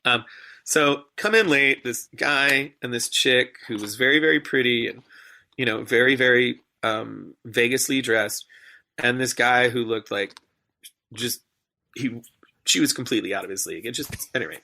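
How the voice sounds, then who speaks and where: Bright-voiced man telling a lively story. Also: medium pitch, moderate pace, creaky. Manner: animated, acts out voices in his anecdotes. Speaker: guest, stage performer and MC. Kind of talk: storytelling in a podcast interview.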